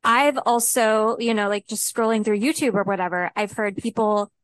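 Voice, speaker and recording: A woman co-hosting a podcast, excitable and exclaiming, peppering casual talk with 'like'. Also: mid-range voice, moderate pace, dry recording. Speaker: podcast co-host.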